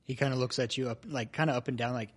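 A man acting as game master, narrating a tabletop role-play in a relaxed way. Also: mid-range voice, rapid-fire, breathy edge. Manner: relaxed, describing scenes.

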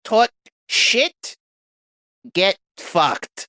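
A woman's voice: medium pitch, lively intonation, drawn-out words, sharp tone, exaggerated voice. A woman improvising a brash male neighbor with a put-on Sicilian accent, mumbling like a tough guy. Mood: menacing. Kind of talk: improvised comedy podcast.

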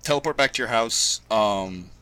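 A man's voice: on the low side, normal speed, bright, forceful tone, smooth. A man narrating as game master of a tabletop role-playing game, hesitant, with frequent ums and restarts.

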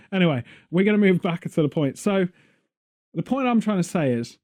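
A man's voice: high-pitched, lively intonation, moderate pace, darkish tone. A British man hosting a podcast, chatting casually and joking as he wanders off on tangents. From Britain. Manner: rambling, jokey, goes off on tangents. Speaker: podcast host. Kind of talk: casual chat.

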